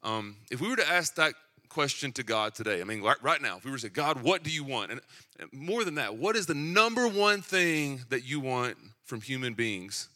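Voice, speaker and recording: A young man with a Tennessee accent delivers a sermon in a relaxed, storytelling way, dropping dry self-mocking jokes along the way. His voice is very bright and forward, sitting at an ordinary pitch for a man. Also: normal speed. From Southeastern United States. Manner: storytelling, self-deprecating humor, conversational. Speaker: preacher.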